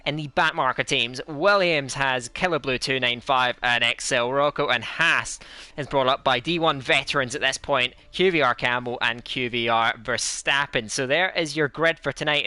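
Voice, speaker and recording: A man commentating an online sim racing league, putting on a fake Scottish accent, chatty and energetic with many fillers. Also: on the high side, smooth, no room sound. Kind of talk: esports race commentary.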